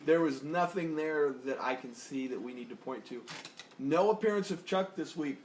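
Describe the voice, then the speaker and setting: A man's voice: fairly high pitch, normal speed. A man co-hosting a casual TV review chat, rambling and joking in a laid-back way. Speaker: podcast co-host. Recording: echoey room with faint noise.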